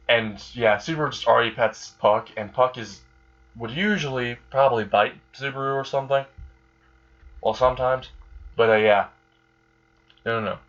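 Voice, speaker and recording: A man's voice: mid-range voice, fairly bright tone, lo-fi sound. A man casually narrating an improvised fan story, rambling with many fillers.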